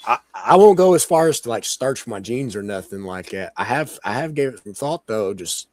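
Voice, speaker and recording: A man with a hoarse, sick voice, rambling casually as a co-host on a live-streamed talk show. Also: medium pitch, expressive, normal speed, a little mellow, no echo. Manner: rambling, chatty, many "like" fillers and laughs. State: hoarse, sick with sore throat. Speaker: podcast co-host.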